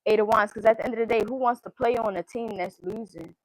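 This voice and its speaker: Fast-talking with a fairly high voice, this tarot reader chants through card meanings while giving blunt, outspoken opinions full of swearing. The recording is rough and dry.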